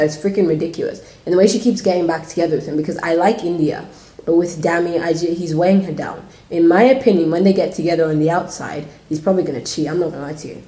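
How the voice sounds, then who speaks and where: A woman vlogging a casual, opinionated review, her lowish voice dark and mellow. She rants freely with lots of "like" fillers. The room around her is noticeably echoey. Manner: opinionated ranting with many "like" fillers. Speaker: reality show reviewer. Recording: roomy echo.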